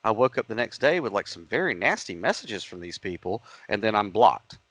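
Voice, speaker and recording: A man's voice: fairly low pitch, big pitch swings, fairly quick, fairly bright tone, no room sound, poor audio. A man co-hosting a casual podcast, rambling through stories with many restarts. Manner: rambling storyteller, frequent restarts and fillers. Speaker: podcast co-host.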